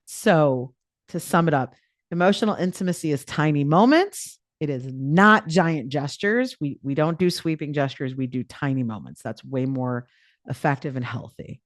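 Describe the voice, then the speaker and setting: A woman's voice: deep voice, normal speed, no room sound. Woman life coach doing a live call, chatty and playful, lots of likes and ums, dry close sound. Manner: chatty and playful, many fillers. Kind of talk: live online coaching talk.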